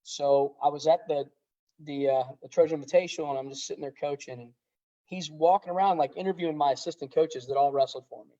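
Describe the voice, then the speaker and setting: A middle-aged man, a high school wrestling coach, talking earnestly in a casual podcast interview, rambling with many restarts. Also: fairly even intonation, quick pace, warm tone. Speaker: head wrestling coach, guest. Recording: dull lo-fi sound.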